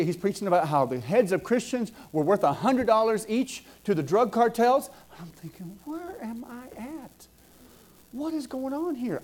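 Middle-aged man preacher, somewhat high-pitched, dynamic sermon delivery with rising builds. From Southwest Georgia, US. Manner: dynamic preaching, rising emphatic builds and soft dropped asides.

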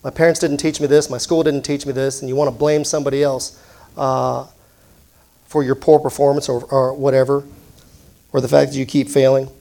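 A man's voice: mid-range voice, level tone, a little fast, creaky, dark tone. A man in his forties preaching a sermon in a conversational way, putting questions to the congregation and adding self-deprecating asides.

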